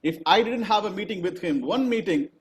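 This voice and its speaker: A man with an Indian English accent giving an earnest, rousing testimonial on a video call, halting with fillers. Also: sits high, lively intonation. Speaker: speaker on a launch call. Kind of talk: motivational testimonial. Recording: echoey, dull video call audio.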